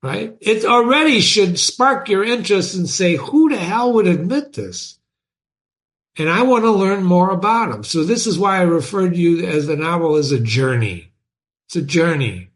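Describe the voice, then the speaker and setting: A man hosting a book lesson, explaining in an animated way and asking his listeners many rhetorical questions. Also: a little high. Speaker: literature teacher and host.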